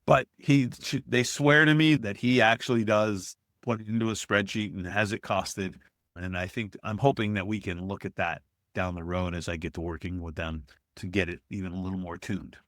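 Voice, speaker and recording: A man's voice: low voice, normal speed, dry recording, clean studio sound. A man, a restaurant consultant guest on a podcast, telling stories conversationally and acting out the people he quotes. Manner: animated, acts out quoted people. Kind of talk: conversational storytelling.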